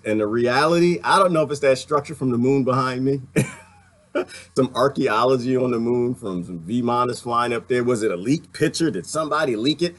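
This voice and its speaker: A man's voice: medium pitch, brisk. A man delivering a rambling, heated and sarcastic monologue as a video commentator, laughing now and then between points. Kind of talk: ranting monologue.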